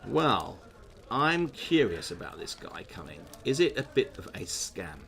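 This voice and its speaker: A man's voice: lowish voice, sing-song, unhurried, vocal fry, a bit bright. Chatty man reading a gamebook. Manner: chatty, musing asides. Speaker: host playing a gamebook. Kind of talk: reading aloud and commenting.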